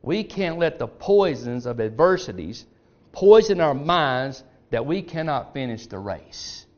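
A man preaching a sermon in a church, speaking emphatically as he calls out to the congregation. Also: mid-range voice. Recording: dull lo-fi recording.

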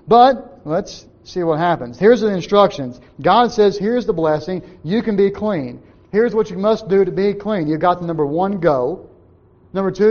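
A man's voice: a little high, a little mellow, lo-fi sound. A man preaching a sermon, asking his listeners questions and answering them himself, and briefly acting out the words of the people in his story. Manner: asks the congregation questions and answers them, acts out short quotes.

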